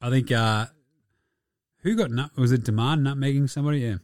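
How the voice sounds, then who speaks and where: A young Australian man talks through a casual solo sports podcast in a mid-pitched voice, swearing freely and breaking into laughs between animated asides. The recording is dry and close, with no room sound. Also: a little fast, dry recording. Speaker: podcast host.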